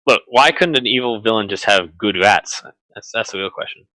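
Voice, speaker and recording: A man running a tabletop horror game live, chatty and animated, with many fillers and restarts. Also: lowish voice, normal speed, no room sound, low-quality recording. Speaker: game master.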